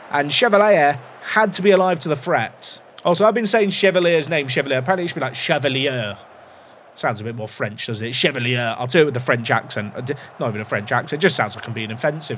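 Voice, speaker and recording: A man's voice: fairly high pitch, slight background noise. Chatty man commentating his game. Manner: chatty, analytical, self-deprecating. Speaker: gaming YouTuber.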